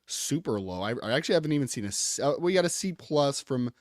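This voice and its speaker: A man's voice: medium pitch, animated, fast, no echo, clean studio sound. A man co-hosting a sports podcast, speaking casually and reading viewer comments off a list.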